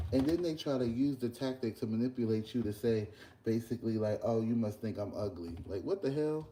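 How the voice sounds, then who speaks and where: A young man, chatting casually in a vlog while cooking breakfast at work, telling an animated story. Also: mid-range voice, brisk, a little hiss or hum. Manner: animated ranting storyteller, loose and conversational. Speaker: vlogger and podcast host. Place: workplace kitchen.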